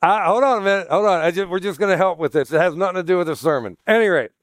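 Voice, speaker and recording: A pastor in a sermon, teaching in a chatty way, with joking asides and questions for the congregation. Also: male voice, high-pitched, very fast, dry recording, clean studio sound. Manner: chatty, jokey asides, asks the room questions.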